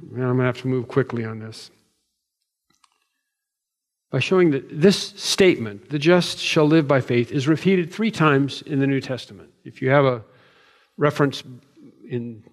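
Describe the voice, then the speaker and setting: A pastor preaching a sermon with measured, emphatic delivery and slow deliberate stresses. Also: male voice, medium pitch. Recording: long hall reverb.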